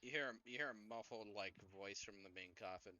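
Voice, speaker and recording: Guy running a d&d game, kinda halting, lowish bright voice, muffled dry audio. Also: no echo. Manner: casual, hesitant, filler-heavy. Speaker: game master. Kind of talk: narrating a tabletop game. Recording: dull lo-fi dry recording.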